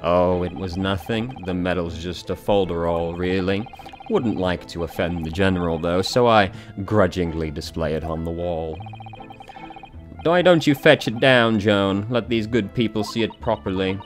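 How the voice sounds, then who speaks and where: A man's voice: low-pitched, normal speed, faint music behind, lightly acted. A man voicing a blustering older retired soldier, hearty and pompous, full of old-fashioned phrases.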